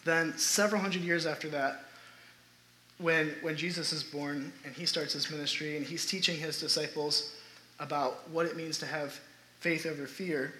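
A man's voice: on the high side, steady tone, normal speed, pushed and bright, slight background noise. A man preaching a sermon to his congregation in a church sanctuary, talking earnestly and building emphasis. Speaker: pastor. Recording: roomy echoey sanctuary sound.

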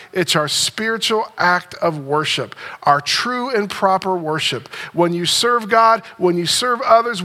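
A man's voice: sits high, bright, forceful tone. A man preaching a sermon as pastor, earnest and repeating phrases for emphasis as he leads the congregation.

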